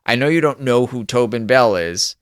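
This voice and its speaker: A man's voice: medium pitch, lively intonation, normal speed, clean tone, dry recording, clean studio sound. A man co-hosting a podcast, opinionated, talking in long run-on explanations. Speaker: podcast co-host. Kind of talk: casual chat.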